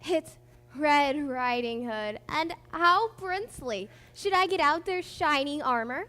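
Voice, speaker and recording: A woman's voice: high voice, expressive, slow, pushed and bright, long reverb tail, heavily acted. A woman playing a fussy, doting queen in a stage musical, prim in her speech. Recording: theater stage with music behind.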